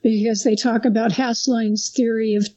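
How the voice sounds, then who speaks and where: A woman's voice: on the high side, flat delivery, moderate pace, dark tone. A woman co-hosting a casual film discussion, chatty and giggly, often trailing off mid-sentence. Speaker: podcast co-host. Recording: slightly muffled audio.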